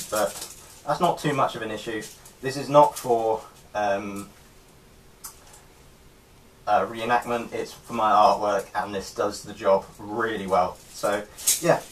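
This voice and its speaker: A man with a fairly low voice talks through his collection in a relaxed show-and-tell way. He hesitates often, filling gaps with ums and starting phrases over. The mic sits a little away from him, with a faint hiss of noise underneath. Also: recorded from a distance. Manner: hesitant, many ums and restarts. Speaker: artist showing his helmet collection. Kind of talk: casual show-and-tell vlog.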